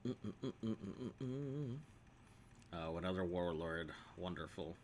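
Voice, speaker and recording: Low and darkish in tone, with a little hiss or hum, this streamer speaks very slowly yet sounds animated. He laughs often and trades playful jokes with his audience while commenting on his gameplay.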